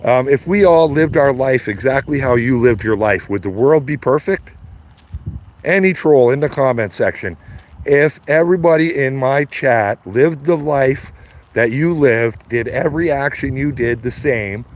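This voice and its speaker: A man's voice: mid-range voice, unhurried, slight background noise. A Canadian man in his fifties ranting on a live stream, blunt and profane, mocking his critics and laughing at his own jokes. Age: 50s. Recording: slightly dull lo-fi stream audio.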